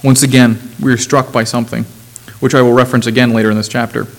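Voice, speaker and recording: A man's voice: mid-range voice, level tone, fast, creaky, low-quality recording. A man preaching a sermon, reading scripture aloud and explaining it in a conversational way, with asides and self-corrections.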